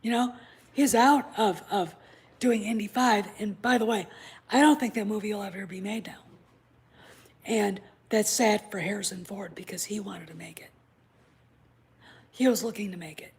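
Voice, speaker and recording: Breathy, blunt woman ranting in a vlog. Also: medium pitch, normal speed, pauses often. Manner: blunt, profane, conspiratorial asides. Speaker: channel host. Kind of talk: casual vlog rant. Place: home with a puppy nearby.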